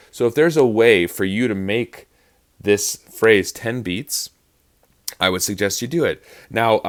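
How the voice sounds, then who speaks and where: A man teaching actors about verse rhythm in a lecture, explaining patiently and counting out beats to show stress. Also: on the low side. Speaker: acting teacher.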